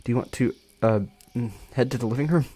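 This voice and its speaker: A woman's voice: a bass voice, fast talker, warm tone. A man voicing a flustered, nervous young woman who stammers, in a clumsy put-on British accent.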